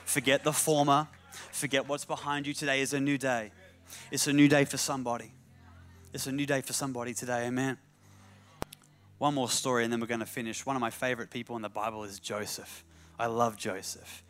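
A man's voice: medium pitch, flat delivery, brisk, a bit bright. A man preaching a sermon, repeating key phrases for emphasis and slipping in humorous asides.

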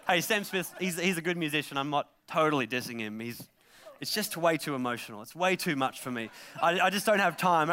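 A man preaching a sermon to a live congregation, moving from jokes to loud exhortation. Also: high voice, slight background noise. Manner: joking, then rising to a loud exhortation. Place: live service before a gathered congregation.

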